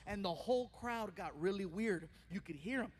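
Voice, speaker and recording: High-voiced man telling a stand-up story. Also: normal speed, heavy background noise. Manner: animated, acts out characters in his stories. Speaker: stand-up comedian.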